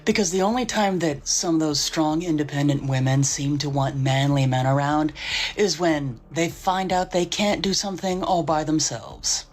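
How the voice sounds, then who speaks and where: A woman's voice: sits low, normal speed, a little mellow. A woman narrating scripted commentary in a dry, sarcastic manner.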